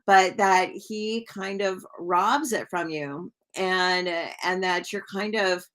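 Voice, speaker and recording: A tarot reader reads cards live, chatting casually to viewers and greeting them by name as she goes, rambling with plenty of fillers. Her voice sits on the low side, slightly bright, with fairly even intonation and a slow pace.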